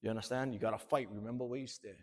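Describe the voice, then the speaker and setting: A man's voice: lowish voice, steady tone, rapid-fire, pitched below the performer's own voice, natural voice. A man with a lilt voicing his huge prison cellmate, blunt and commanding. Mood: urging.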